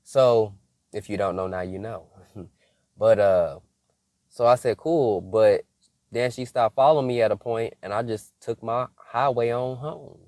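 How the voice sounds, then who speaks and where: A young man from Michigan tells a story in a casual, animated way, laughing often and slipping into mock scolding. His voice sits in an ordinary middle range. The sound is dry and close, with no room around it. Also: mid-range voice, a little slow, no echo. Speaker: faith vlogger.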